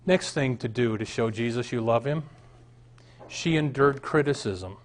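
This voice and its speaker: A man's voice: mid-range voice, a little slow. A middle-aged man from the American Midwest, a pastor preaching a sermon, moving from a read-aloud passage to emphatic, rising points.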